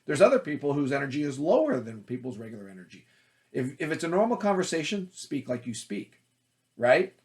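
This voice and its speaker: A man teaching about auditions as an acting coach, talking in a loud, forceful, energetic way. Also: a little high, a little fast.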